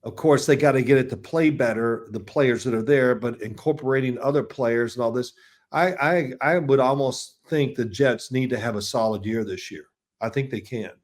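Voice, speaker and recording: An older man in his sixties, guesting on a sports interview, speaks at an ordinary middle pitch. He tells loose, rambling anecdotes, doubling back on words and chuckling as he goes. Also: normal speed. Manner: chatty, rambling anecdotes with frequent restarts and chuckles. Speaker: football analyst, interview guest. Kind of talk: casual interview storytelling.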